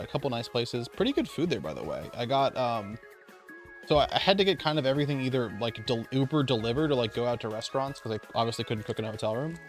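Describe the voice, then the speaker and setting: A man with an ordinary mid-range voice talks through his card game tournament in a loose, rambling way, swearing now and then. Faint music plays quietly underneath. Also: mid-range voice. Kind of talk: casual recap vlog.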